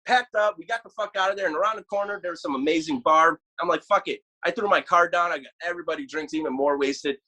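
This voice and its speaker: A man guest telling rambling, animated, profanity-filled road stories in a casual chat. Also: on the high side, fast, hardly any pauses, rough recording. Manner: rambling animated storyteller, swears a lot. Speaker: guest musician.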